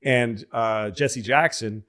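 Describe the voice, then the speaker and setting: Guy from massachusetts telling long rambling stories on a podcast, mid-pitched voice. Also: takes it slowly, fairly bright tone. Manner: rambling storyteller, acts out quoted voices. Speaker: podcast co-host. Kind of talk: casual chat.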